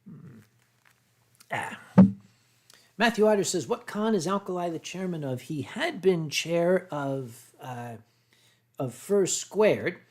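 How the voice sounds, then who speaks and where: A middle-aged man with a Philadelphia accent, chatting casually on a livestream and reading viewer comments, often clearing his throat and restarting sentences. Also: sits high, animated, slow pace, pauses often, darkish tone. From United States. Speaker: streamer reading chat.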